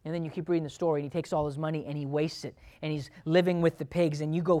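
A man's voice: on the high side, steady tone, fast talker, hardly any pauses, mellow. A man, a pastor, preaching a sermon in a conversational way, asking the congregation questions and acting out thoughts and prayers aloud.

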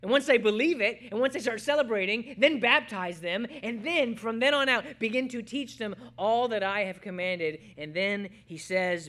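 A male pastor delivers a sermon to his church in a high, bright voice. He swings from loud, emphatic stretches down to near-whispered quiet on the lines he wants to land. The delivery is a preacher's, building and releasing as he goes. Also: normal speed, few pauses.

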